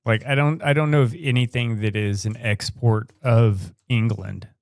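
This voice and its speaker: A man's voice: mid-range voice, fairly even intonation, moderate pace, gravelly, a little mellow, no echo, clean studio sound. An American man co-hosting a live podcast, rambling through opinions with casual swearing. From United States. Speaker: podcast co-host.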